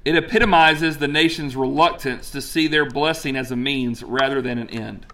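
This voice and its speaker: A male preacher delivering a lively, conversational sermon, telling a story with casual asides to his congregation. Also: medium pitch, moderate pace.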